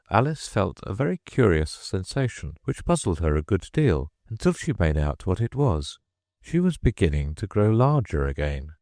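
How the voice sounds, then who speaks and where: A man's voice: sits low, no room sound, clean studio sound. A man reading a children's classic aloud as an audiobook narrator, telling it expressively. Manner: expressive storytelling. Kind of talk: scripted narration.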